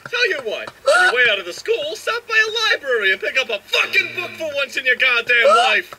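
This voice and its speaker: A man's voice: extremely high pitch, very animated, brisk, bright, forceful tone, full character voice. Man playing a furious swearing cooking teacher. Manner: ranting, sarcastic, swearing. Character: furious foul-mouthed male cooking teacher.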